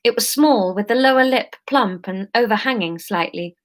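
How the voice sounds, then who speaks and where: A woman's voice: a little high, moderate pace. Chatty woman reading aloud. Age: 30s. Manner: chatty, self-mocking, breaks off to talk to the chat. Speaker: comedian reading her book aloud on a livestream. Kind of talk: casual read-aloud with chatty asides.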